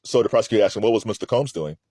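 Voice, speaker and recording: A man gives loose, rambling commentary on a trial. His pitch jumps around a lot and he laughs often between thoughts. The sound is close and dry, with no room around it. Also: lively intonation, racing, warm tone, no room sound. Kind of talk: casual commentary.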